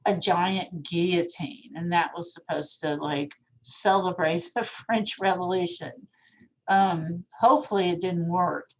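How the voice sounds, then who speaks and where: A woman's voice: medium pitch, slight background noise, rough recording. A woman lecturing on art history in a casual, chatty way, full of asides. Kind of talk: recorded classroom lecture.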